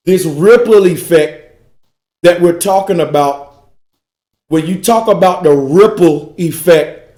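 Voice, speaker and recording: A man's voice: a little high, warm tone, roomy sound. A man giving a preachy esoteric lecture, emphatic and repetitive, dragging out key words for wordplay. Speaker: speaker in a group call.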